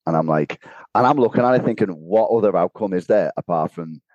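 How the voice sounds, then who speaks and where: A man's voice: low-pitched, expressive, brisk, no echo, highs cut off. A man co-hosting a podcast from his home kitchen, telling a story in casual chat and laughing often. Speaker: podcast co-host.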